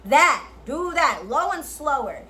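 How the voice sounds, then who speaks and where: A woman vlogger giving a casual tutorial straight to camera. She is playful and blunt, swears a lot and uses slang, and at times drops into a low, slow sultry voice to demonstrate. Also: very animated, sharp tone, a little hiss or hum, poor audio. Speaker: beauty and lifestyle vlogger.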